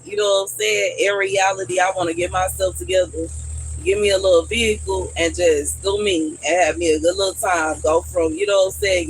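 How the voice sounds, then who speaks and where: A woman's voice: on the low side, rough recording. A woman talks loosely on a livestream and vents her frustrations in a rambling, repetitive way. She sounds worn down and exasperated. A faint noise runs underneath her voice. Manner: rambling, repeats "you know what I'm saying"; venting, exasperated. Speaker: livestream host. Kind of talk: casual livestream chat.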